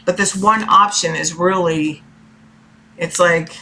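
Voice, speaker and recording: A woman reads tarot cards for her viewers in a loose, rambling chat, often pausing to check in with a quick "okay?". Her voice is bright and forceful, and she speaks from her own room. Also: on the low side, fairly even intonation, slight background noise. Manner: chatty, rambling, keeps asking okay. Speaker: tarot reader. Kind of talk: casual tarot reading to viewers.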